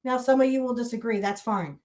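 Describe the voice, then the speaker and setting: This woman's pitch is fairly high and her tone darkish, and she talks fairly quickly. On her podcast she rants angrily, cursing, accusing, and pressing the same rhetorical challenges repeatedly.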